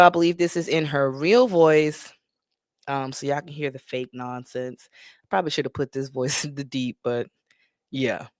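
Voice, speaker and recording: A woman's voice: a bass voice, dry recording, clean studio sound. A woman hosting a live stream, chatting and laughing with viewers. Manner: animated, laughs often, talks straight to viewers. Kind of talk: casual commentary chat.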